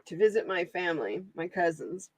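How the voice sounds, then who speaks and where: A woman's voice: fairly low pitch, animated, normal speed, breathy edge, no room sound. A woman from Oregon hosting a live card-reading stream in casual chat. She talks in a chatty, exclamatory way and laughs often. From Oregon, USA. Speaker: host and card reader.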